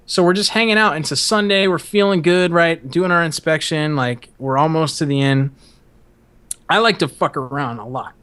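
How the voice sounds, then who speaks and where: A man hosts a podcast and tells long stories in a loose, profane, rambling way, laughing along as he goes. His voice sits a little higher than most men's. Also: fairly bright tone. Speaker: podcast host. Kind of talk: casual storytelling chat.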